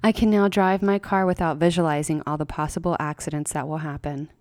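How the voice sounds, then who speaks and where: A woman reads a horror story aloud, measured and unhurried, with deliberate pauses. Her voice sits low in pitch and sounds dry, with no room around it. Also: fairly even intonation, a little mellow, dry recording. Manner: measured, with slow dramatic pauses. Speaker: story reader.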